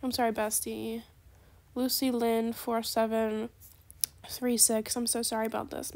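A woman giving chatty, sarcastic commentary over a trading game, gushing with gasps and dropping into soft asides. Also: fairly high pitch, flat delivery, measured pace, slight background noise. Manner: chatty, calls viewers "besties". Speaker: gaming video creator. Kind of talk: casual gameplay commentary.

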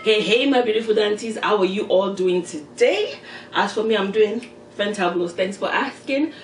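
A woman's voice: mid-range voice, normal speed, distant mic, faint music behind. A woman with a Nigerian Yoruba accent hosts an eating show in a playful, chatty way, talking straight to her viewers. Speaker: mukbang host. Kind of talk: casual eating-show chat. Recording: roomy echo, voice off-mic.

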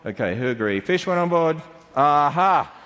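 A man's voice: medium pitch, animated, moderate pace. A middle-aged Australian man giving a playful church talk to children and quizzing them on the answers. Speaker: speaker to children. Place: large church hall. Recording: long hall reverb.

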